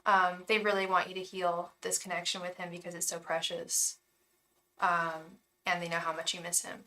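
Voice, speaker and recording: A young woman giving a live tarot reading, talking warmly and emotionally with many restarts and fillers. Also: fairly low pitch, level tone, moderate pace, a little hiss or hum. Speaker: tarot reader.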